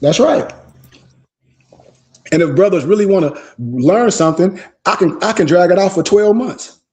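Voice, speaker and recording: Male teacher, fairly high, mellow voice, emphatic repetitive preaching style for an esoteric class lecture. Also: expressive. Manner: slows down to spell out lists.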